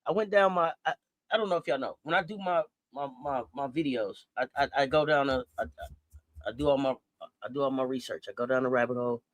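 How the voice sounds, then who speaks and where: A woman co-hosting a casual sports chat, animated and playful, often repeating words. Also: very deep voice, fairly quick, no room sound. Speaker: co-host.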